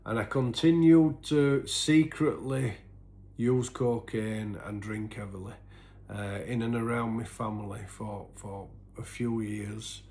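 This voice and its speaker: A man telling his own story in an earnest, halting way, full of restarts, and sometimes sinking to a near-whisper. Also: on the low side, fairly even intonation, a little hiss or hum. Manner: sinks to a soft, breathy near-whisper at painful moments. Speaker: recovery vlogger. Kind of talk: personal confessional storytelling.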